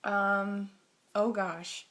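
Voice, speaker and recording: A teenage girl vlogging, telling a story to camera in a chatty way, with many "like"s and restarts, jumping between loud bursts and quiet asides. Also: medium pitch, level tone, drawn-out words. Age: teens.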